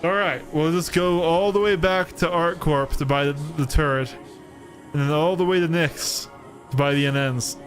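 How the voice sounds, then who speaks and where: A man's voice: on the high side, fairly even intonation, moderate pace, faint music behind. An American man streaming a game, chatting casually in a throaty, thick, slightly slurred voice with lots of restarts and self-deprecating asides. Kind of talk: casual chat while gaming. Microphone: studio microphone.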